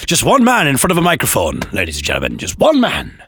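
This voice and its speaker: A man's voice: medium pitch, huge pitch swings, fast, fairly bright tone, breathy edge, no room sound. A playful man tells comic stories, his voice swooping up and down a lot. The sound is dry and close to the mic. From northeast England. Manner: playful, mock-grand. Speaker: podcast host and singer. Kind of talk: comic storytelling.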